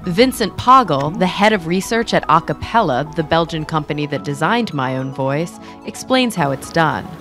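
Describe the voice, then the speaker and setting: A woman giving scripted narration for a news feature in a measured way. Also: sits low, expressive, a bit bright, soft background music.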